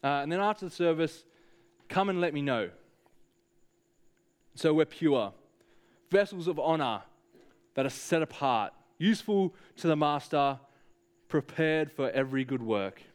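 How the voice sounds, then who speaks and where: A man's voice: fairly high pitch, animated, a little slow, long pauses, smooth. A man preaching a sermon, speaking earnestly and directly to the congregation with frequent hesitations.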